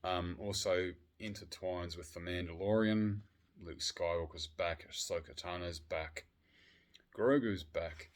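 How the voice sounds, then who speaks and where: A man with a slightly low voice talks in a loose, casual vlog ramble. He swears freely and swings between loud bursts of excitement and low, mumbled asides. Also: measured pace. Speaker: vlogger. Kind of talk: casual chat.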